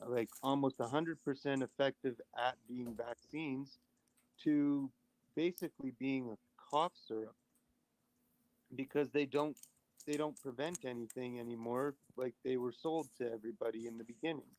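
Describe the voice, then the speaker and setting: A man's voice: mid-range voice, darkish tone, low-quality recording. A man arguing his side in an online debate, asking pointed questions and restarting his phrases. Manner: argumentative, questioning, halting restarts. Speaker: debate participant. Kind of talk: casual debate talk.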